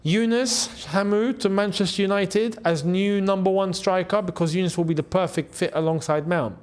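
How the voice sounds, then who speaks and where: Excitable high-voiced man commentating live. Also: moderate pace, smooth. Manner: excitable, shouts at big chances and goals. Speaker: football channel host. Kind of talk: live match watchalong commentary.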